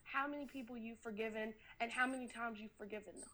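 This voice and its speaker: A woman's voice: on the high side, steady tone, quick pace, sharp tone. A woman, sick and out of breath, talking earnestly about faith as a podcast co-host, rambling with many fillers. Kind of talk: casual faith talk.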